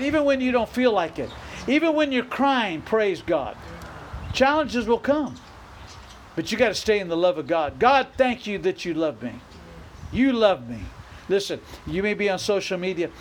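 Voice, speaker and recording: A man's voice: high voice, a little hiss or hum, poor audio. A middle-aged male pastor preaching a sermon, emphatic, repeating phrases and rising into bursts of exhortation.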